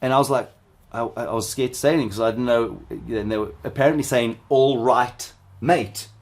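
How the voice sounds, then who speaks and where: A man's voice: mid-range voice, fairly even intonation, fast talker. Chatty man teaching a hands-on tech workshop. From South Africa. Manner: chatty, rambling, with asides to viewers. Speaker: cybersecurity instructor.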